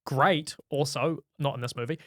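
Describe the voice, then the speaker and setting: A man co-hosting a podcast in casual chat, wry and steady, prompting the discussion with questions. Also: fairly high pitch, normal speed, no room sound, studio quality. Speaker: podcast co-host.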